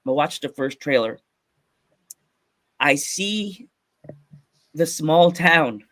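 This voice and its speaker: A man from Pennsylvania hosting a casual podcast, telling stories with lots of excitement and frequent laughter. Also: fairly high pitch, extremely slow, no room sound. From Pennsylvania, USA. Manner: excited storytelling, laughs often. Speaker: podcast host.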